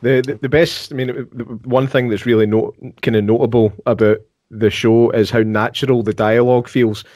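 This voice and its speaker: Casual Scottish co-host, dry close mic. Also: male voice, medium pitch, steady tone, moderate pace, few pauses, darkish tone, dry recording. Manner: casual, stumbles into his questions. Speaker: podcast co-host. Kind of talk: casual podcast interview.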